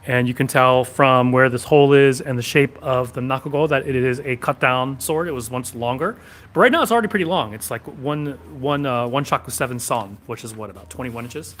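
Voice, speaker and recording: Mid-range and fairly fast, this man's voice carries a sword shop livestream from a back room. He chats in an easygoing, rambling manner and answers what viewers ask in the chat.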